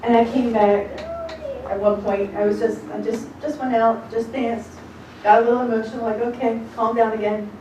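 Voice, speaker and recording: A woman teaching a congregation as rebbetzin. She gives an informal sermon, reading scripture slowly and then talking bluntly and casually. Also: on the high side, little pitch movement, dark tone. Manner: emphatic and blunt, shifting between slow scripture reading and quick casual talk. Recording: echoey room, distant mic, noisy.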